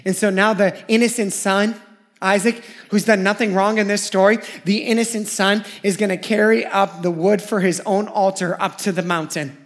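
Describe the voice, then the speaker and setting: Pastor, male, high-pitched; emphatic sermon delivery that drops to a hush for weight. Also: fairly even intonation, moderate pace. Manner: emphatic, repeats lines, swings loud to hushed.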